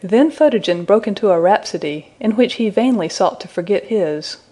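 A woman reading a fairy tale aloud as an audiobook narrator, with an even, measured delivery. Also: medium pitch. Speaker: audiobook reader. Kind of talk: storybook narration.

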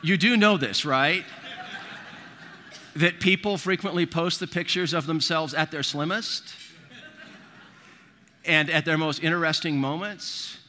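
A man preaching to a congregation, weaving humorous stories and acted-out quotes into his sermon. His voice is bright and forceful, sitting a little high. The sound rings with the long reverb of a large church hall. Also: unhurried, pauses often, a little hiss or hum. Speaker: pastor.

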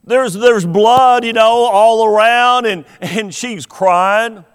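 High-voiced slow pastor in an echoing church. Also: male voice, clean tone. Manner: storytelling, asks the congregation questions. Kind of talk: sermon. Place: church sanctuary. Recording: long hall reverb of a church.

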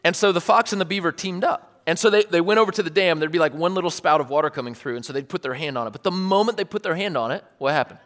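Man, pastor, casual earnest sermon, animated with wry asides, slightly high voice, long echo of a church hall. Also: fast, few pauses.

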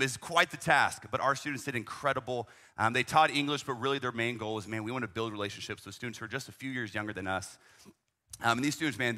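A man's voice: mid-range voice, sharp tone. A young man, a youth ministry leader, telling a travel story in a conversational way, full of "man" and "right?" asides. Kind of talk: storytelling talk.

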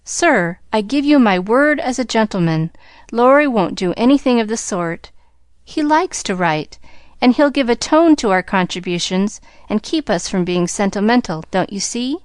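A woman's voice: mid-range voice, lively intonation, moderate pace, no echo, clean studio sound, lightly acted. A woman voicing a tomboyish girl speaking with eager, mock-formal earnestness.

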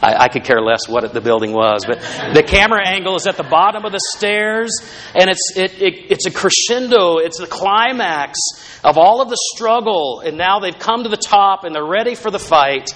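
A man's voice: high voice, expressive, normal speed, fairly bright tone. A male pastor preaching a sermon in a conversational, storytelling way, with asides to the congregation.

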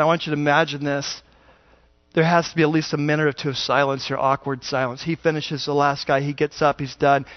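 A man pastor preaching a sermon in a conversational, animated storytelling way, on a dull lo-fi recording. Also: fairly high pitch, dry recording.

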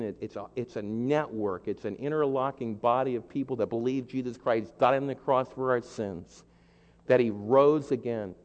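Impassioned male preacher in an echoey hall. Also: mid-range voice. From East Coast of the United States. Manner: impassioned preaching that builds to loud emphatic peaks; repetitive rhetorical lists and questions. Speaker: pastor. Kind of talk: sermon. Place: large church sanctuary. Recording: dull lo-fi sound in a reverberant hall.

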